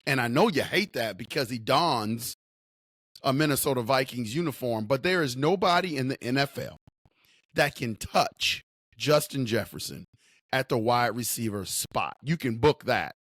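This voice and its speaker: A man's voice: medium pitch, lively intonation, moderate pace, a bit bright, dry recording, studio quality. A man hosting a sports talk show, speaking with emphatic, repetitive hometown enthusiasm. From Upper Midwest. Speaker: sports podcast host.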